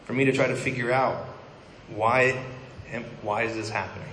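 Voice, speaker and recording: A man's voice: mid-range voice, fairly even intonation, normal speed, a bit bright, a little hiss or hum. Man preaching in an echoey church hall. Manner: candid conversational storytelling with wry asides. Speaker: pastor. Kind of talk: sermon. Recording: echoey hall with long reverb.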